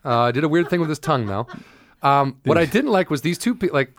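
A man's voice: a little high, lively intonation, brisk, dry recording, clean studio sound. A man co-hosting a podcast as a comedian, telling crude stories with acted-out quotes in a casual chat.

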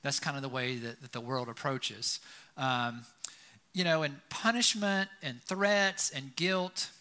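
Speaking a little slowly, in a pushed, bright voice of medium pitch, a pastor delivers a conversational sermon. He tells stories and keeps checking in with listeners by asking "right?"

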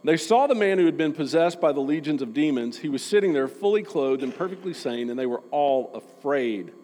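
A man's voice: on the high side, darkish tone. A male pastor giving a sermon, reading scripture aloud and breaking in with casual, joking asides. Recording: long reverb of a large room.

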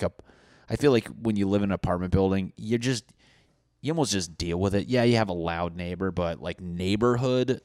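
A man hosting a solo comedy podcast, rambling profanely and acting out neighbors in loud mocking voices. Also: lowish voice, no room sound, clean studio sound. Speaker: podcast host. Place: indoors at home.

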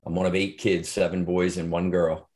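Deep-voiced middle-aged man telling his story. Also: flat delivery, moderate pace, darkish tone. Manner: earnest, reflective, with frequent fillers and restarts. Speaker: guest. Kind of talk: interview storytelling.

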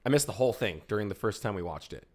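A young man co-hosting a podcast, chatting casually and telling animated stories. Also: fairly low pitch, very fast. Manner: animated storyteller who acts out shouted quotes. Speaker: podcast co-host. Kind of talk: casual chat.

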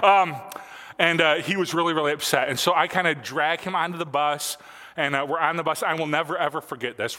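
A man's voice: a little high, bright, forceful tone, big-room sound. A man in his forties preaching a sermon in a church, telling stories casually with lots of fillers. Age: 40s. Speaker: pastor. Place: church sanctuary.

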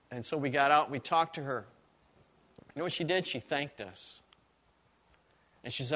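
A male pastor delivers a sermon as a story, earnest and animated, often circling back over his own phrases. His voice is bright and sits a little high for a man. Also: moderate pace, pauses often.

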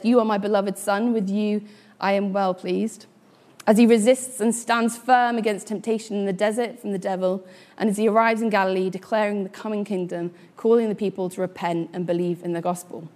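A woman's voice: mid-range voice, darkish tone. A woman in her late twenties giving a sermon, telling a story with fillers and small laughs before reading scripture. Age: late 20s. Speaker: preacher.

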